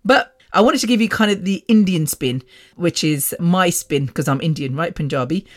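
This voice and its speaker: A woman's voice: on the low side, normal speed. A woman from England, hosting a podcast and telling personal stories in a frank, chatty way, often laughing. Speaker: podcast host. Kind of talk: casual storytelling monologue. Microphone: podcast microphone.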